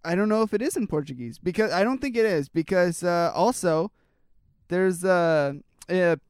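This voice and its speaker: Guy rambling casually on a podcast, kinda high smooth voice, dry close sound. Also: moderate pace, dry recording. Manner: rambling, chatty, trails off and restarts with fillers. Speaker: podcast co-host. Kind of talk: casual chat reacting to news stories.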